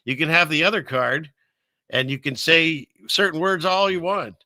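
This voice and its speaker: In a small room upstairs above a fireplace, an older man sits at his computer hosting an easygoing live stream full of self-mocking jokes, fillers and false starts. His voice is fairly high, bright and forceful at a moderate pace, and the recording is dry.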